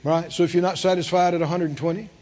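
A man's voice: sits high, fairly even intonation, fast talker, a little mellow, dull audio. A man preaching a sermon, emphatic and repeating his phrases, with call-and-response to the congregation. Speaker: pastor.

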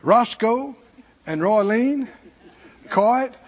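Folksy Southern preacher, husky and lively. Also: male voice, extremely high pitch, very slow, lo-fi sound. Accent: Southern American. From American South. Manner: folksy, humorous, laughs between points. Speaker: pastor. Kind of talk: sermon. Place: church sanctuary.

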